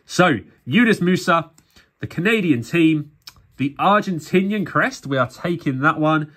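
A man from England, a YouTuber who collects stickers, casually talks viewers through opening his packs with a tired, self-mocking air. His slightly high voice is husky and a bit bright, animated but measured in pace.

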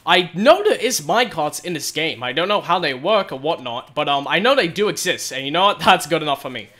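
A young man giving excited commentary on his own gameplay, often exclaiming and shouting as things happen. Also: on the high side, fairly quick. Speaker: gaming video host.

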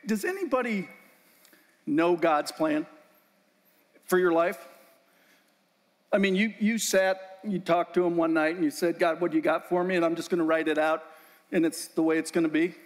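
A man's voice: high-pitched, normal speed, long pauses. A man giving an inspirational faith talk to a group, telling personal stories in a conversational, emotional way with asides to the audience. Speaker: speaker. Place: event room. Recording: long hall reverb.

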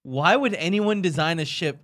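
A man co-hosting a casual podcast, chiming in with quick questions and comments. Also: fairly high pitch, animated, a bit bright. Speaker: podcast co-host. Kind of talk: casual movie discussion.

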